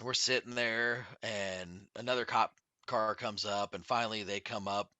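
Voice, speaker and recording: Bright-voiced man telling a profane story. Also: fairly low pitch, moderate pace, no room sound. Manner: profane, animated anecdote telling. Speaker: podcast guest. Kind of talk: casual storytelling chat. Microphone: studio podcast mic.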